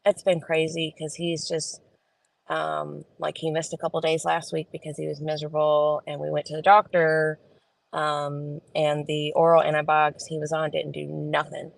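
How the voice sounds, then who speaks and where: In a low-quality phone recording, a vlogger speaks in a low, monotone voice with vocal fry at normal speed. She's parked in a school pickup line, chatting casually and homily with her live viewers, rambling and filling gaps with lots of fillers.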